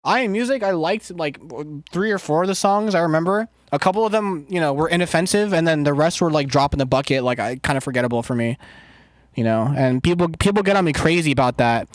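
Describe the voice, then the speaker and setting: A man's voice: a little high, fast talker, no echo, clean studio sound. A man streaming casually and rambling to his chat, loose and profane, with lots of filler words. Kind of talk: casual chat, answering live chat.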